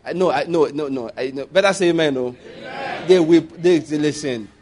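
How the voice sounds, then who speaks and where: A male preacher with a notably high voice delivers a sermon in a loose, conversational way. He throws questions back at the congregation and drifts into chatty asides. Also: normal speed, dark tone. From Nigeria. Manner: conversational preaching with asides and laughter, call-and-response.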